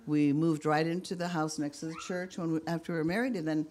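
A woman sharing her personal testimony with a congregation in a candid, self-deprecating, halting way. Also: deep voice, fairly even intonation, a little mellow. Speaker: minister's wife giving testimony.

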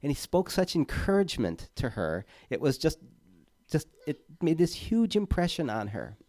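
A man gives a relaxed, conversational sermon in a mellow, warm voice. He speaks haltingly, with fillers and repeated words, and leans earnestly on key words. The sound is dry and close, with little room around it. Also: on the high side, no echo. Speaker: preacher.

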